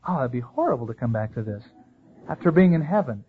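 A man preaching a sermon as pastor, lively and storytelling, acting out the people he quotes. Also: medium pitch, fast, breathy edge. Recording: tinny phone-like sound.

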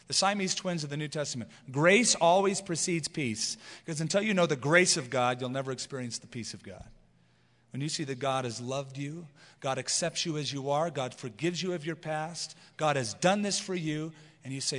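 A man preaching an expository sermon as pastor, earnest and emphatic, slowing down to read scripture. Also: fairly high pitch, expressive, fairly bright tone, long reverb tail.

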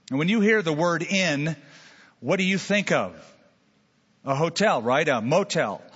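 A man's voice: on the high side, fairly bright tone, husky. A man preaching a sermon as pastor, telling stories with folksy asides and jokes. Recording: dull long-reverb hall sound.

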